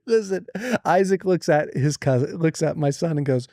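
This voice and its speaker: A man's voice: a little high, moderate pace, no echo, studio quality. A man in his forties, host of a podcast, telling a long family story in casual chat and acting out the people he quotes. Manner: animated, acts out quoted voices.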